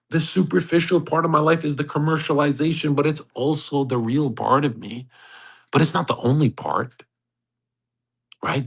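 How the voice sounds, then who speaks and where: A brash man hosts an online voice chat, delivering a foul-mouthed, swaggering rant. His voice sits a little high. He mocks people constantly. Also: fairly bright tone, husky. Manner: brash, profane, swaggering, mocking. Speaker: host of an online audio chat. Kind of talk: ranting monologue.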